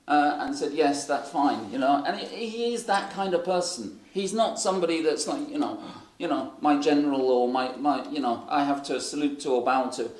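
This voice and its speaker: A man's voice: fairly high pitch, normal speed, few pauses. A man preaching, telling rambling anecdotes full of fillers. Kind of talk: sermon storytelling. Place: church hall. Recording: echoey hall.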